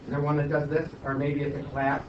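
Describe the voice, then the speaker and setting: A male math teacher giving his class an animated, teasing pep talk and review, recorded in a classroom. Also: fairly high pitch, fast, far from the mic, a little hiss or hum. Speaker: high school math teacher. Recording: echoey dull classroom recording from afar.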